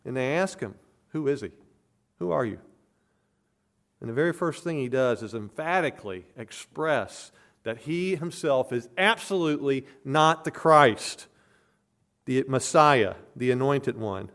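A man's voice: medium pitch, expressive, a little slow, a bit bright. A man preaching an expository sermon as a pastor, earnest and emphatic, hammering home points with repeated phrases.

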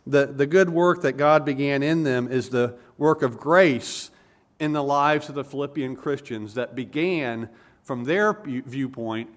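A man with a mid-range voice preaches an expository sermon. He is earnest and emphatic, pausing to explain points and correcting himself along the way.

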